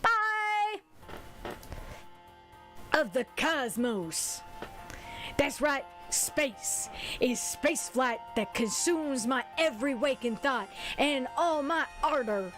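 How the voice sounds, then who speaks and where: A woman's voice: high voice, lively intonation, slow pace, pauses often, over music. A streamer voicing a chipper male alien tinkerer with a put-on folksy accent and old-fashioned turns of phrase, reading a visual novel aloud. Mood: grandiose.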